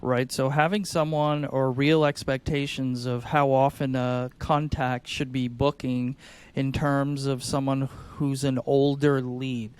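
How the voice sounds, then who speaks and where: A man co-hosting a podcast, explaining sales tactics in an energetic, conversational way and acting out sing-song phone calls. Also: mid-range voice, measured pace, clean tone.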